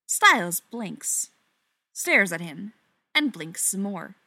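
A woman reads a story aloud with wry, expressive narration. Her voice moves lively up and down through every sentence. The sound is dry and close, with no room around it. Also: mid-range voice, slow, dry recording. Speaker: reader. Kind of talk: reading fan fiction aloud.

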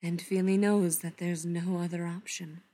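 A woman reading a story aloud, softly and unhurriedly, often dropping to a hush. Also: lowish voice, flat delivery. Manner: soft, unhurried, often hushed. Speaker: reader. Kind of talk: storybook narration read aloud.

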